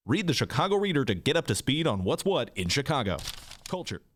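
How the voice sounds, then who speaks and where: A man's voice: medium pitch, very animated, a little fast, a bit bright. A man reading a promotional spot for a newspaper. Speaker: ad announcer.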